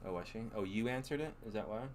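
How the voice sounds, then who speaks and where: A man's voice: on the low side, animated, fast, slight background noise. A man co-hosting a casual live stream from home, chatty and teasing. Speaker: co-host.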